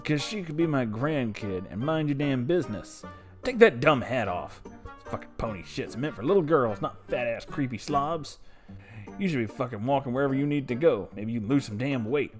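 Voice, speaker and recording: A man's voice: a little high, big pitch swings, fairly quick, faint music behind, pitched above the performer's own voice. A man doing a cursing old war veteran. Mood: scornful. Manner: blunt, cursing, mocking. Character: cranky foul-mouthed old male war veteran.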